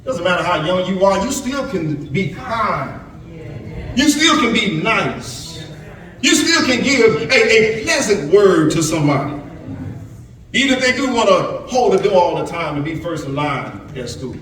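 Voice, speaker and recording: High-voiced preacher echoing through a church. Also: male voice, sing-song, a little slow, a bit bright, a little hiss or hum. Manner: preaching to young people with repetitions and stammered restarts. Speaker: pastor. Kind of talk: sermon. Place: church sanctuary. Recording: very echoey church sanctuary from far off.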